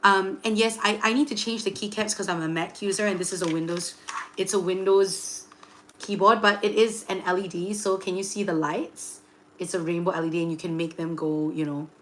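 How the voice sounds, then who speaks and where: Young woman chatting on a livestream, lots of like and you know, gets excited greeting chat. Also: fairly low pitch, brisk, slight background noise. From Singapore. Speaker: livestream host and tarot reader.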